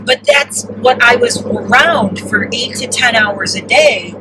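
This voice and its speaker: A woman's voice: on the high side, measured pace. Podcast host: woman in her thirties from Michigan, Midwestern accent with a bit of East Coast. Chatty, acts out the people in her stories. Sits back from the mic, with constant noise under her. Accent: Midwestern with some New York and New Jersey. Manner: chatty storyteller, acts out voices in anecdotes. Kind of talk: casual podcast chat. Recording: roomy, mic at a distance, steady background noise.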